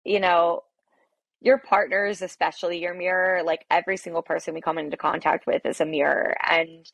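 A young adult woman, a podcast guest who owns a coffee shop, telling a story in a casual interview with emphatic, animated delivery. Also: fairly low pitch, moderate pace, gravelly, no room sound.

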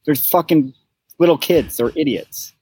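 Husky, wisecracking man on a podcast. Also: on the high side, lively intonation, a little slow, a little mellow, no echo, low-quality recording. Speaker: podcast co-host. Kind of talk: casual chat.

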